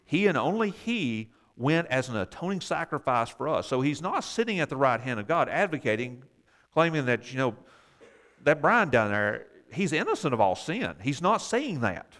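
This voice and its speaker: A man's voice: medium pitch, sing-song, moderate pace, a bit bright. A man leading a Bible study class, explaining verses and asking the group questions, with wry asides.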